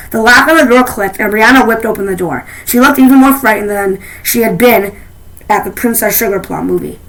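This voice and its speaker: A woman reading a children's novel aloud, expressive, with frequent restarts. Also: mid-range voice, fairly quick, rough recording. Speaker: reader.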